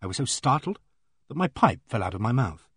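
A man's voice: mid-range voice, big pitch swings, brisk, fairly bright tone, slightly rough, no echo. A man reading a novel aloud in first person, with dry, wry storytelling, close to the mic. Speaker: audiobook narrator. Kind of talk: scripted narration.

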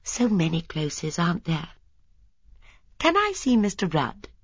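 A woman reading an audiobook and voicing an elderly woman sleuth who is gentle, prim and quietly stubborn. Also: fairly low pitch, sing-song, measured pace, slightly rough, no room sound, highs cut off, voice pushed up, heavily acted. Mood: polite, firm. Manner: soft, polite and quietly insistent.

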